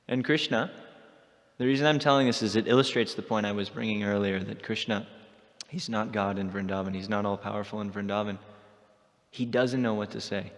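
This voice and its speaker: A man's voice: lowish voice, brisk. Man giving a scripture class in an echoing hall. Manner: animated storytelling. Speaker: class speaker. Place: temple hall.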